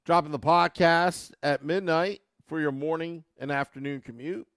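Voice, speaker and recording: A man's voice: fairly high pitch, moderate pace, clear, resonant tone, dry recording, clean studio sound. A man hosting a sports podcast, talking casually and animatedly to his listeners. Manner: animated, mocks fans with a put-on accent. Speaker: podcast host.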